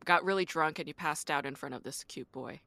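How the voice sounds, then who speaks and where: A woman's voice: sits low, a little fast, pushed and bright. A woman hosting a casual podcast chat, playfully spinning hypothetical scenarios for her guest. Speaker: podcast host.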